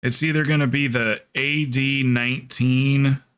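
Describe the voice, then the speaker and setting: A man streaming live, talking to his viewers and group in a relaxed, casual way. He grew up in the American South, thinks out loud with a lot of ums, and his voice comes through smooth and clear at an ordinary middle pitch. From Southern United States. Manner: thinking aloud, chatty, halting with fillers. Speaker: livestreamer planning game runs. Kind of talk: casual livestream chat.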